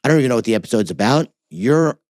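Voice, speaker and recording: A man's voice: mid-range voice, animated, rapid-fire, darkish tone, no room sound. Teasing male podcast co-host, dry sound. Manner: teasing, rambling, self-interrupting. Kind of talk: casual podcast banter.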